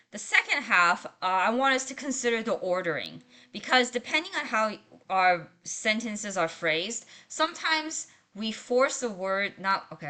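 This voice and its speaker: A woman's voice: mid-range voice, sharp tone. A woman writing instructor giving a recorded lecture in a conversational way, often checking in with her students. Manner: conversational, checks in with "right?" and "okay?".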